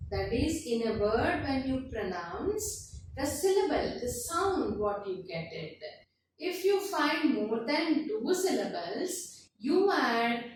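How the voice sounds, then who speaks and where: Slow, high-pitched woman teacher in an echoey room. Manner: slow, deliberate, stretches words to show syllables. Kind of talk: classroom grammar lesson. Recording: echoey room, voice from a distance, faint noise.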